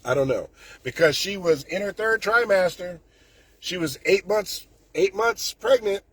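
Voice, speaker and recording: A man's voice: high voice, animated, unhurried, a bit bright, slightly rough, no echo. A man, ranting indignantly and sarcastically as a political commentator, with frequent restarts. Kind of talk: casual political rant.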